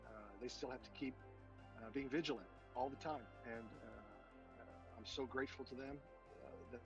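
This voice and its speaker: Veteran man, earnest and halting, lo-fi dull audio with faint music under it. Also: mid-range voice. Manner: earnest, halting with many fillers. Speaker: veteran guest. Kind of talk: casual interview talk.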